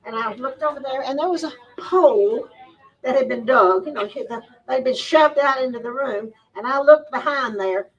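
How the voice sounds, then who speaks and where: A woman with a high, bright voice, a sewing teacher and storyteller at a store event, tells an animated story to a live audience at a moderate pace. She speaks in a folksy Southern style, laughing as she goes. The mic is a bit far off and the sound is lo-fi.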